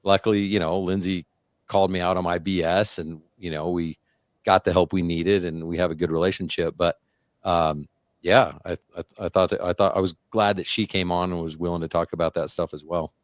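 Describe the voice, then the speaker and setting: A man's voice: deep voice, little pitch movement, fairly quick, no room sound, studio quality. A man hosting a podcast, talking candidly in a casual chat over a video call, often repeating words as he goes. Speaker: podcast host.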